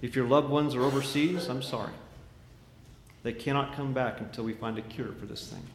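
A man's voice: medium pitch, fairly even intonation, normal speed, crowd noise, lightly acted. A man voicing a president who makes a formal, urgent emergency announcement. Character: male president making a grave national announcement. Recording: echoey hall reverb.

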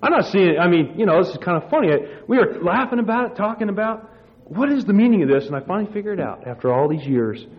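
A man's voice: sits high, expressive, fast. A man preaching a sermon, telling a story with many restarts before reading scripture. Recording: muffled lo-fi sermon recording.

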